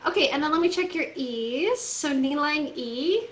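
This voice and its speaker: A woman teaching an online violin class, coaching students through tuning in a brisk, directive way over a video call. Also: high voice, animated. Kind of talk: online group class instruction. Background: faint violin notes from students.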